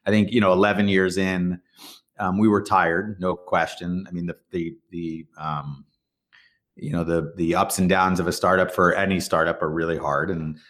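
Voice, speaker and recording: A man's voice: low voice, level tone, normal speed, a bit bright. A middle-aged man, a startup founder, telling stories in a casual interview, rambling with restarts and acting out quoted dialogue. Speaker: startup founder and CEO guest.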